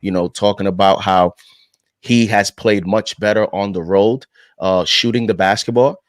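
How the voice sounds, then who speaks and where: Low-voiced man talking sports. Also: fairly even intonation, no echo. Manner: measured, says "you know" often. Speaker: podcast panelist. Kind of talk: casual sports discussion.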